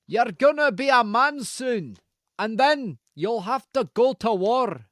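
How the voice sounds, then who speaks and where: A man's voice: very high-pitched, lively intonation, takes it slowly, fairly bright tone, no room sound, clean studio sound, pitched above the performer's own voice, heavily acted. A man putting on a shaky half-Scottish accent. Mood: teasing. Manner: mock-solemn, profane, teasing. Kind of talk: casual chat with a live audience.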